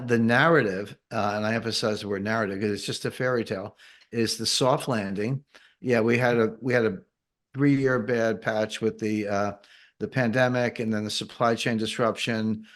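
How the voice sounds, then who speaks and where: A man explaining economics in an interview, patient and methodical, with dry sarcastic asides. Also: on the low side. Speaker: guest economic commentator. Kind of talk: interview answers.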